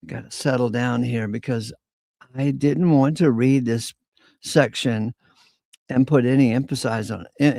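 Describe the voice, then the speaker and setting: A man leads an informal Bible study, reading scripture slowly and breaking off into casual asides. His voice is low-toned, mellow and gravelly, and he speaks at an unhurried pace. The sound is dry and close, with no room echo. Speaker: Bible teacher.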